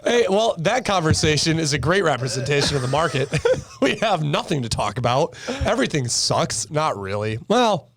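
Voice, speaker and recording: A man's voice: on the high side, very animated, normal speed, vocal fry, a bit bright. A young man co-hosting a trading recap show, joking and laughing often in casual chat. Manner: playful, laughs often, jumps into silly voices.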